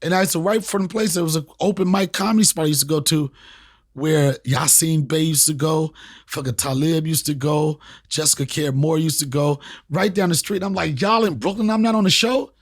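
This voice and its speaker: A comedian and podcast host sits down for a casual chat. He tells his stories in an animated, emphatic way, with a lot of swearing and with phrases repeated for punch. His voice sits a little high for a man. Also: normal speed. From Washington, D.C. area. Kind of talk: casual storytelling in an interview.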